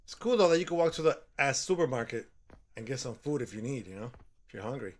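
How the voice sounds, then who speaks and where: A man giving horror game commentary as a channel host, excitable and quick to yell when startled. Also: medium pitch.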